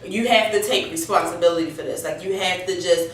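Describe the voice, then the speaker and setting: A woman's voice: fairly low pitch, brisk, slight background noise. A woman retells a TV drama episode in loose, profane chat, slipping into the characters' lines as she goes. Her voice is recorded from some distance in a very echoey room. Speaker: recap host. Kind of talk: casual TV recap chat. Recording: echoey room, mic far off.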